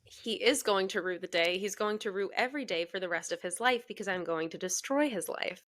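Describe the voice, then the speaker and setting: A young adult woman co-hosting a podcast, telling a personal story in a frank, animated way, swearing freely and laughing as she goes. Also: medium pitch, a little fast. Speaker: podcast co-host. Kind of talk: casual storytelling chat.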